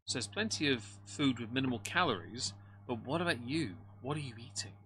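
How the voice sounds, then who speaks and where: Over some background noise, a man with a mid-range voice and lively intonation talks fairly quickly as a livestream commentator. He reacts live with dry, mocking remarks while greeting his chat.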